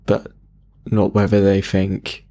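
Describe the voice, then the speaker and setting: A man's voice: sits low, completely flat delivery, slow, mellow. A man co-hosting a podcast, talking hesitantly with dry, self-deprecating jokes. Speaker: podcast co-host. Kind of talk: casual podcast chat.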